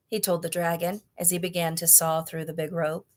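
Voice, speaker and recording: A woman reading a children's novel aloud, with clear, expressive storytelling. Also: fairly low pitch, brisk. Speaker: storybook reader.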